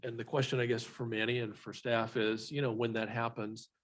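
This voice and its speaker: A man speaking as a commission member in a meeting, measured, reasoning aloud. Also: medium pitch, little pitch movement, low-quality recording. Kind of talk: meeting discussion.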